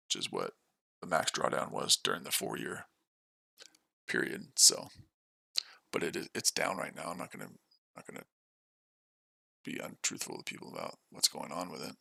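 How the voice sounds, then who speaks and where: Tired male trading-stream host: deep, sharp-edged, casual commentary. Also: very animated, moderate pace, creaky, pauses often, slightly rough, no room sound. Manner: matter-of-fact, casual. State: tired from no sleep. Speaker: day trader and stream host.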